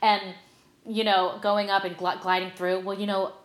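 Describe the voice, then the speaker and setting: A middle-aged woman talks through backstage stories in an easygoing interview, bubbly and animated with lots of little fillers. Her voice sits at an ordinary pitch for a woman, and the room around her rings with echo. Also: normal speed. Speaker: guest, stage actress. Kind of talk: casual interview chat.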